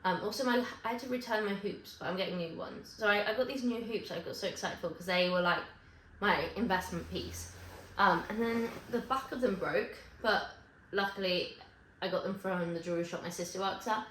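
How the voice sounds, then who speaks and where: A woman chatting to camera in a loose, rambling way, stopping to correct herself and toss in little asides. Her voice is mid-pitched and bounces around an echoey room with a faint hum of ambience behind it. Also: brisk, fairly bright tone. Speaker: vlogger. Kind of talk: casual chat to camera.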